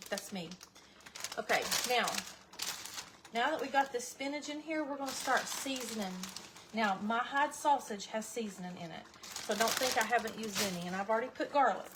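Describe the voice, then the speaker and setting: A woman's voice: on the high side, normal speed. Chatty woman cooking at home. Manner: chatty, folksy, addresses viewers as y'all. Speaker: cooking vlogger. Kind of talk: casual cooking livestream chat. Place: home kitchen. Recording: audible background noise.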